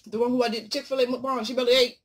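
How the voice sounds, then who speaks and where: A woman vlogger talking casually while she eats, joking and swinging from loud exclamations to low murmurs. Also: level tone, racing, breathy edge. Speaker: mukbang vlogger. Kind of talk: casual chat while eating.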